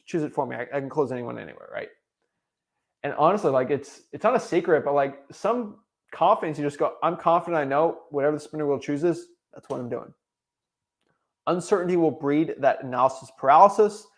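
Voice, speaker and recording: A man's voice: on the high side, brisk. Emphatic young man giving a pep talk. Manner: animated, emphatic, repeats points. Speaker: host. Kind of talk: motivational livestream talk.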